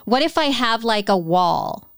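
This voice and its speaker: Clear-voiced woman podcast co-host. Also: fairly high pitch, expressive, a little slow, dry recording, clean studio sound. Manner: earnest, rambling, self-correcting. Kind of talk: casual chat.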